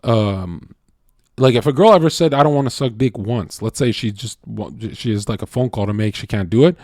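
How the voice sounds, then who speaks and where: Blunt, crude-talking male streamer, dry sound. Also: dry recording. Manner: blunt, crude and profane, rambling with many fillers; swings between loud outbursts and low mutters. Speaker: livestreamer. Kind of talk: casual stream monologue.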